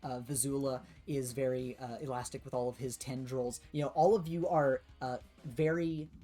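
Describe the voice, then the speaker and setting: A woman's voice: a bass voice, moderate pace, soft background music. A woman narrating a tabletop role-playing game as game master, loose and full of fillers. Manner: filler-heavy, relaxed narration.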